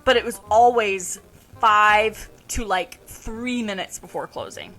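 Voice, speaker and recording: A young woman co-hosting a podcast, telling retail stories in a lively casual way and swearing freely. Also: mid-range voice, slow pace, soft background music. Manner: animated storytelling, swears freely. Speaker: podcast co-host. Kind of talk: casual chat.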